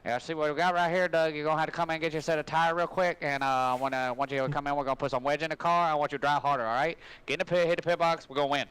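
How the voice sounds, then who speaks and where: A man voicing a male racing crew chief who barks rapid orders over pit radio. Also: a little high, steady tone, a bit bright, smooth, lightly acted, poor audio. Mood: commanding.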